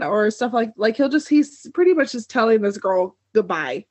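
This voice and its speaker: A woman's voice: a little high, animated, normal speed, breathy edge, no echo. Chatty young woman recapping a show. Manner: chatty, laughs often, many "like" fillers. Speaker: podcast co-host. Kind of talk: casual TV recap chat. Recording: dull dry lo-fi sound.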